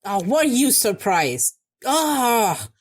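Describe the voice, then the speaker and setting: A young woman talks her way through a drama episode in casual reaction commentary, addressing the characters directly. Her pitch moves a lot, rising and falling with every exclamation, and she raises her voice when something makes her angry. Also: measured pace. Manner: expressive, talks back at the screen, gets loud when angry. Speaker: reaction video host.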